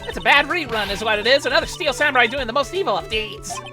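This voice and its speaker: A woman's voice: on the high side, expressive, quick pace, pitched above the performer's own voice, lightly acted. A woman voicing a fussy, pompous old woman guard who scolds and rambles about manners, against game music. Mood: scolding.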